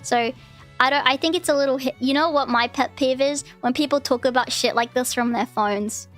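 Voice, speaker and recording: A woman's voice: high voice, normal speed, a bit bright, soft background music. A young woman streamer ranting casually, swearing often and mocking people in exaggerated voices. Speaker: VTuber streamer.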